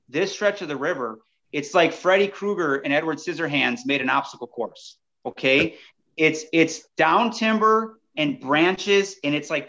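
On a podcast, a male guest with a slightly high voice tells a story in an animated, chatty way, often speaking straight to listeners as "you guys." The recording sounds dull and lo-fi.

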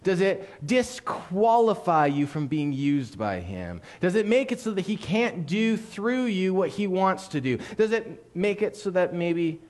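Animated man preaching a sermon. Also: sits high, a little slow, hardly any pauses. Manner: animated storytelling with playful asides to the congregation. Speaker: pastor. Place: church sanctuary.

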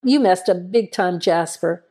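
A woman's voice: fairly low pitch, a little slow, dark tone, slightly rough. A woman voicing a stern small-town male deputy. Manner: stern, curt. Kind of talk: audio horror story reading.

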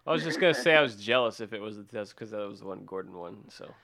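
A man co-hosting a podcast, chiming in with quick facts and dry jokes in casual chat. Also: fairly low pitch, expressive, bright, forceful tone. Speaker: podcast co-host.

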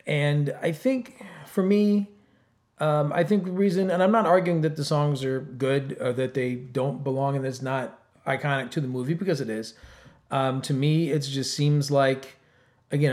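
A man with an everyday mid-range voice, talking casually about music. He pauses with ums and softens his opinions with hedges. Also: mid-range voice. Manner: hesitant, many ums, hedging. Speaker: podcast co-host.

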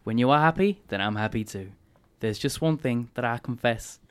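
Deadpan Manchester lyric reader with a lively, swooping voice, as an actor puts him on. Comic radio bit. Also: male voice, medium pitch, normal speed, clean tone, dry recording, natural voice. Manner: deadpan comic reading, breaking into laughter. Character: man reading love-song lyrics in a gruff northern English voice.

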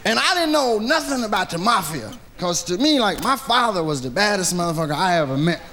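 A male stand-up comedian telling a profane story with animated delivery, acting out the characters. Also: high voice, brisk, a little hiss or hum. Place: comedy stage, archive recording.

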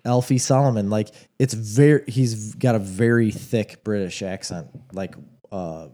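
A man's voice: fairly low pitch, a little slow, mellow. A man co-hosting a casual chat, easygoing and rambling with fillers.

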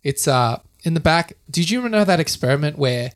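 A man's voice: on the high side, animated, normal speed. A man co-hosting a casual podcast, joking around and swearing freely. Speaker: podcast co-host. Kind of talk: casual chat.

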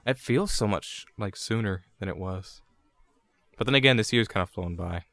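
A man's voice: on the low side, moderate pace, fairly bright tone. A young man hosting a casual gaming podcast, laughing often and swearing in loose banter with friends. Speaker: podcast host.

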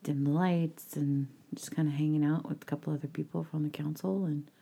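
A middle-aged woman co-hosting a podcast, chatting casually in a relaxed, teasing way. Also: sits low, brisk, gravelly, slightly rough. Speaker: podcast co-host. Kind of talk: casual chat.

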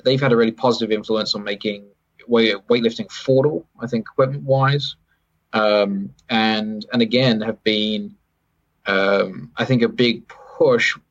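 A British man talking in a casual, rambling interview, often correcting himself and adding wry asides. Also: mid-range voice. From Britain. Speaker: sports federation chief executive, podcast guest. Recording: dull, lo-fi podcast audio.

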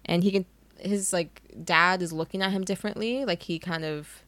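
A woman's voice: fairly low pitch, normal speed, fairly bright tone, no echo. A woman co-hosting a book podcast, casually retelling the plot with swearing and laughter. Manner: retells the plot, swears freely, laughs at her own reactions. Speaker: podcast co-host recapping a book. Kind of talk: casual chat.

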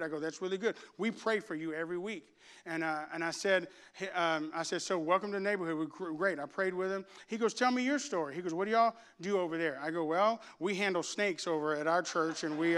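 A middle-aged pastor preaching to his congregation in a church, swinging from joking asides to loud, fervent preaching. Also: sits high. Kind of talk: sermon. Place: church sanctuary before a congregation.

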